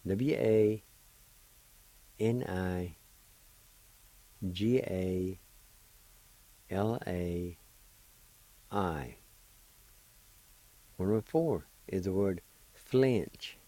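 A middle-aged man teaching a language lesson on radio, spelling and pronouncing words slowly and carefully, syllable by syllable. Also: sits low, mellow.

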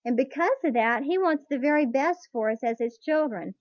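A woman teaching a Bible class to a live group, earnest and slow on key points, putting questions to her listeners, on a dull lo-fi tape recording. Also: high-pitched, animated, no echo. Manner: earnest, drawn-out emphasis, asks the audience questions.

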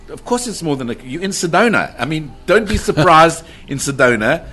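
A man's voice: a little high, big pitch swings, normal speed, sharp tone, a little hiss or hum. A middle-aged man telling of a paranormal encounter with drama, acting out quotes and repeating his phrases. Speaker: guest describing a paranormal encounter. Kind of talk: animated storytelling.

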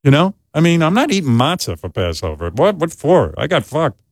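A male host tells a self-deprecating story in lively, swinging tones, his pitch leaping up and down. He sits close to a dry studio mic with no room sound. He sounds fairly high for a man. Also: fairly quick, no room sound. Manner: animated, self-deprecating, jumps into quoted voices. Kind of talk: casual chat, comic storytelling.

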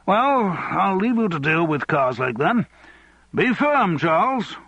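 A man's voice: sits high, very animated, takes it slowly, fairly bright tone, husky, no room sound, highs cut off, pitched above the performer's own voice, heavily acted. A man voicing a commanding senior party whip who gives firm instructions.

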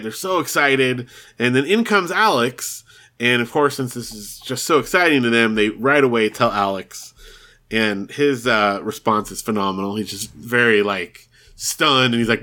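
A man's voice: medium pitch, moderate pace, sharp tone. A man co-hosting a podcast, casually recapping a TV episode, laughing often and acting out the characters' lines. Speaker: podcast co-host.

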